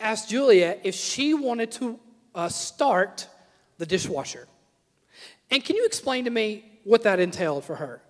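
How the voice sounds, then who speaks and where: A man's voice: extremely high pitch, fairly bright tone. A man in his thirties, a pastor preaching a sermon, telling humorous stories with asides to the congregation. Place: church sanctuary. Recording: long church hall reverb.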